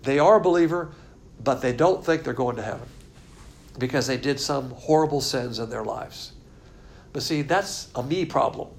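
A man teaching a Bible study in a casual sermon style, folksy and blunt, with a gravelly voice. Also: medium pitch, normal speed.

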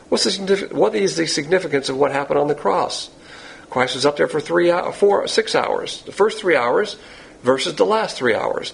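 A man's voice: on the high side, gravelly, breathy edge, low-quality recording. A man preaching a sermon as pastor teacher, blunt and emphatic, firing rhetorical questions at his listeners and answering them himself.

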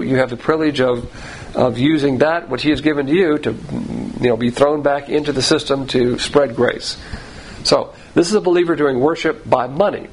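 A man's voice: mid-range voice, darkish tone, slight background noise, poor audio. Plain-spoken man teaching scripture. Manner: conversational, repeats words and restarts, spells out terms. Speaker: Bible teacher. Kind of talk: verse-by-verse Bible teaching.

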